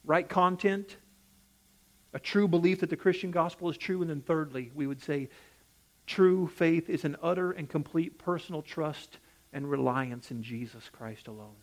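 A man's voice: fairly high pitch, normal speed. A male preacher delivering a sermon, with an emphatic preaching cadence that rises and falls, often putting direct questions to the congregation.

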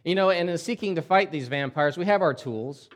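A man's voice: a little high, fairly quick. A male pastor delivering a sermon in a conversational storytelling way, often restarting his words.

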